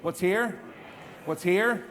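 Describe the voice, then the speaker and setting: A man in his fifties giving an energetic live stage demonstration as a memory trainer, quizzing the audience with repeated questions. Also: sits high, takes it slowly. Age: 50s. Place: large event hall. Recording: long hall reverb.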